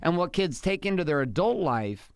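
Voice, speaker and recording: A man's voice: fairly high pitch, sing-song, moderate pace, smooth, no echo, clean studio sound. A middle-aged man co-hosting a podcast, talking casually and emphatically with his wife, repeating his points. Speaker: podcast co-host.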